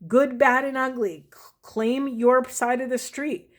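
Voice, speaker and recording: A woman with a high, steady voice reads tarot cards and thinks aloud about their spiritual messages. She often halts and restarts her sentences as she muses.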